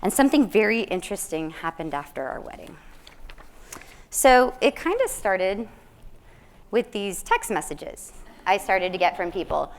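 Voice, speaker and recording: A woman's voice: mid-range voice, animated, a little slow, long pauses. Earnest woman giving a heartfelt lecture. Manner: earnest, reflective, often checks in with the audience. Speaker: nursing lecturer. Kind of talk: public lecture to a live audience. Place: large lecture hall.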